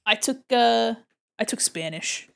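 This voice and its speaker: A young woman with a slightly high voice chats loosely to her stream chat while she draws, giggling often and answering viewer messages as they come in. Her talk is relaxed and a little scattered, and a desk mic picks her up. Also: a little slow, vocal fry, clear, resonant tone. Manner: chatty, giggly, reads chat aloud while drawing. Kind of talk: casual art livestream chat.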